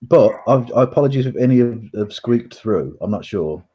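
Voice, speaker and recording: A man with a dark, husky voice talks bluntly and sarcastically, swearing freely. His pitch moves a lot, and the call audio sounds dull and lo-fi. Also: animated, normal speed. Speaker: guest. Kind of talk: casual chat.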